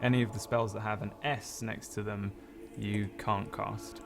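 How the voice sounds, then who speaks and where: Gravelly-voiced man running a tabletop game. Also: on the low side, moderate pace, over music. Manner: relaxed narration with many fillers. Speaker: game master.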